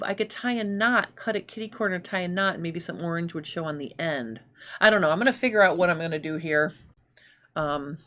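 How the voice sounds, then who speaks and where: A woman hosting a live sewing show, thinking aloud in casual chat and reading out viewer comments. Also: lowish voice.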